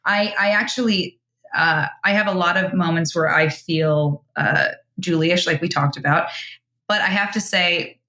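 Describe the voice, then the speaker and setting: A woman's voice: fairly low pitch, bright, forceful tone, roomy sound. A young woman chatting as a podcast guest, rambling and laughing as she talks. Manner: rambling, quick, laughs often. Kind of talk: casual chat.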